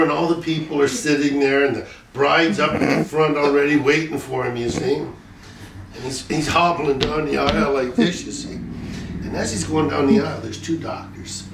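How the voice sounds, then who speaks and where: A middle-aged man tells a joke with an animated, repetitive "he says" rhythm, his voice high for a man. He is recorded from across an echoey room with faint noise. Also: moderate pace, creaky, recorded from a distance. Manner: animated storyteller, repeats "he says". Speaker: father telling a joke. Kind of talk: casual joke telling.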